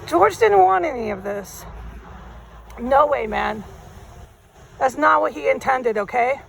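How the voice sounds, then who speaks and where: High gravelly woman vlogging while walking. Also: expressive, takes it slowly. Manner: rambling, emphatic, casual slang. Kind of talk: walking vlog monologue. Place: city street outdoors, walking. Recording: faint street noise outdoors. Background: street noise and passing traffic.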